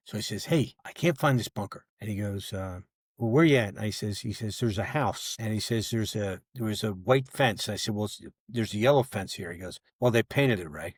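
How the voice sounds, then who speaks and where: In a podcast setup with studio-quality, echo-free audio, an older ex-federal agent spins a long tale in a husky, fairly low-pitched voice. He keeps it conversational and plays out both sides of old exchanges.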